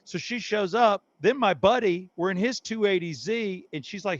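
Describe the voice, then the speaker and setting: A brash middle-aged man tells bawdy tales in a slightly high voice, animated and unfiltered. The recording is dry and a little dull, with no room around it. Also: moderate pace, no echo. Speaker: guest comedian. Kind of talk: casual storytelling.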